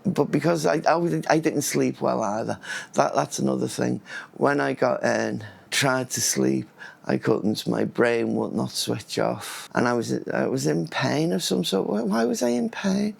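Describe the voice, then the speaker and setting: Gravelly, husky man rambling. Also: medium pitch, measured pace. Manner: rambling, loses his thread, repeats and restarts words. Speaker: vlogger. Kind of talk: casual rambling vlog monologue.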